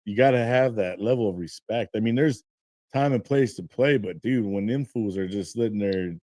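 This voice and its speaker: A man's voice: fairly low pitch, moderate pace, dark tone, no echo, studio quality. A man hosting a podcast, chatting in a laid-back, slangy way and swearing casually. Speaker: podcast host. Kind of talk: casual interview chat.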